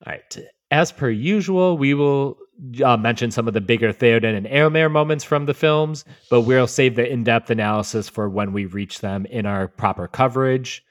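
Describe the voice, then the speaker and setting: A man hosting a podcast in casual chat, relaxed and measured with wry asides. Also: mid-range voice. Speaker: podcast host.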